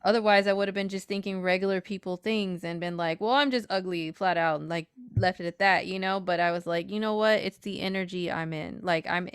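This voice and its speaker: A woman in casual chat on an astrology livestream, an animated storyteller who swears freely and acts out what people said. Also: fairly low pitch, brisk, few pauses, clean tone, no echo, clean studio sound.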